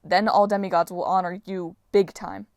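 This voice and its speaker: A quick-witted teenage demigod hero, persuasive and fast-talking, read out by a woman. His voice stays in a middle register. Close, dry audiobook recording. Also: mid-range voice, little pitch movement, a little mellow, no room sound, close to an everyday voice.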